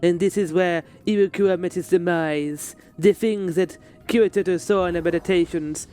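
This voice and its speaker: A man's voice: high-pitched, steady tone, normal speed, warm tone, clear, resonant tone, lightly acted. A man voicing a small Tarutaru scholar from a game with a put-on French accent, reading the dialogue aloud. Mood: theatrical.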